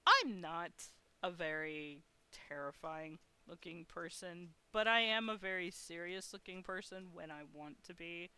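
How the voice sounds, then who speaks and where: Bright, crisp-voiced woman streamer. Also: fairly low pitch, measured pace, few pauses, no echo. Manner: chatty, frank, swears freely. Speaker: live-streaming artist. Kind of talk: casual storytelling on a live stream.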